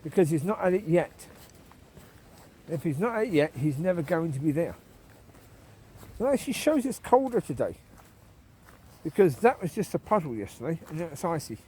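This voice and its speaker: A man from the UK vlogs a casual nighttime walk-and-talk, opinionated, going over his points again and often chuckling. High-ish and mellow with a breathy edge, his voice swings widely in pitch at a moderate pace, and he pauses often.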